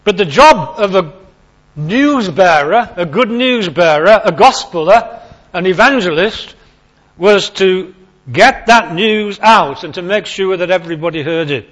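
A man's voice: high-pitched, lively intonation, a little slow, fairly bright tone. A man giving an informal, chatty sermon, repeating key phrases for emphasis. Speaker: preacher. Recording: lo-fi recording.

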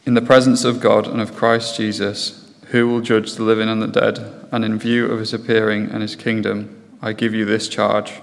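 A man reading scripture aloud in a steady, measured way. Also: lowish voice, big-room sound. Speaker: scripture reader.

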